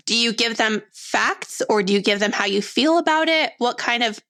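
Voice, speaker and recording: A woman's voice: medium pitch, fairly bright tone. A woman hosting a podcast, asking questions eagerly and enthusiastically. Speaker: podcast host. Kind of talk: interview questions.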